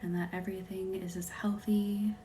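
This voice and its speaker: A woman from the American South with a light Southern accent, hosting a live Reiki stream. She chats with viewers and thanks them by name, and often drops into a soft whisper. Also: mid-range voice, level tone, normal speed, slight background noise. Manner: chatty, laughs easily, thanks viewers by name. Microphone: phone or webcam on a live stream.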